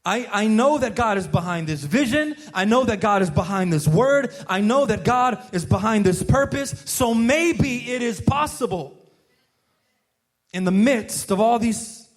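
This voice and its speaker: Pastor, male, high voice, earnest casual preaching, chatty restarts. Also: expressive, a little slow. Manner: earnest, peppers talk with "man" and "right?", frequent restarts. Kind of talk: casual conversational sermon.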